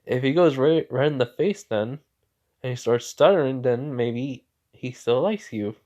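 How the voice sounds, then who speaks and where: A man voicing a teasing, mischievous teenage girl, speaking quietly and slyly in a story retelling. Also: medium pitch, a little slow, lo-fi sound, natural voice.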